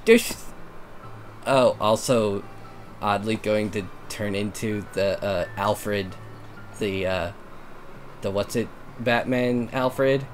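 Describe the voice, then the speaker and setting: A man's voice: lowish voice, slow pace, pauses often, slight background noise. A man co-hosting a visual novel playthrough, rambling and self-mocking. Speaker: co-host voicing the game. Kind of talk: casual visual novel let's play.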